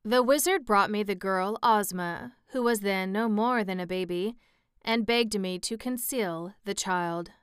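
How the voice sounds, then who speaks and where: Sly old witch, reluctant, evasive, crisp and dry-voiced, storybook, a woman voicing her. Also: medium pitch, measured pace, no room sound, natural voice. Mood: grudging.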